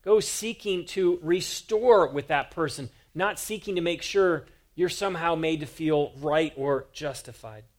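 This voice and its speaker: An earnest male pastor delivering a sermon from the pulpit. His voice sits a touch higher than most men's, and he presses his points with emphatic rhetorical questions. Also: unhurried, few pauses.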